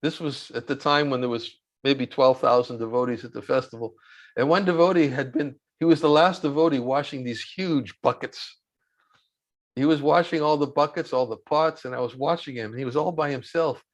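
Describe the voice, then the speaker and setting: A man being interviewed as a monk, telling a story unhurriedly with fillers and pauses. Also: mid-range voice. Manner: unhurried, halting with fillers, chuckles while recalling.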